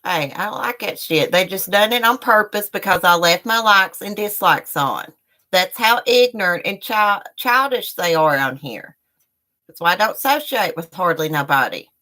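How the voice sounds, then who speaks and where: A woman's voice: medium pitch, expressive, moderate pace, pushed and bright. Fired-up middle-aged woman ranting on stream. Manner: heated, profane, talks straight to viewers. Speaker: YouTube live streamer. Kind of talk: angry live-stream rant.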